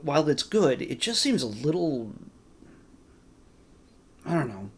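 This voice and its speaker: A man talks through a movie review in a loose, unscripted way. He circles back on himself with fillers, false starts and caveats. His voice has a gravelly fry to it. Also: on the high side, big pitch swings, unhurried. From California. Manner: rambling, many fillers, restarts and caveats. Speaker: movie reviewer, channel host. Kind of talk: casual spoken film review.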